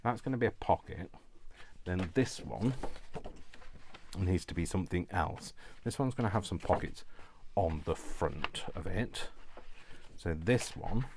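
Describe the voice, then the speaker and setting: A man's voice: low-pitched, background noise. A man chatting casually while he crafts at home, rambling and self-deprecating and laughing often. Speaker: crafting YouTuber.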